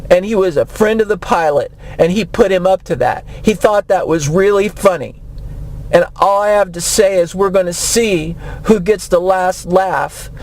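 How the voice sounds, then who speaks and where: A woman's voice: mid-range voice, a little mellow, close to an everyday voice, poor audio. A woman voicing a brash, gluttonous male state governor who talks in a boastful, bullying, defensive way in a comedy radio sketch.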